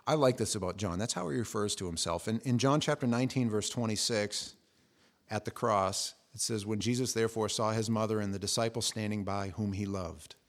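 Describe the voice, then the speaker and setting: Animated man preaching a sermon. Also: brisk. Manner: animated storytelling, acting out quotes with jumps in pitch and volume. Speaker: pastor.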